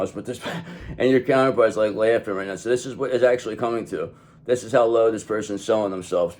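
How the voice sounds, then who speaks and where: A man talks through a tarot reading in a loose, rambling way, often pausing on "okay". He swears freely, and his voice sits at an ordinary middle pitch. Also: a little mellow. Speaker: tarot reader. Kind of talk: casual tarot reading monologue.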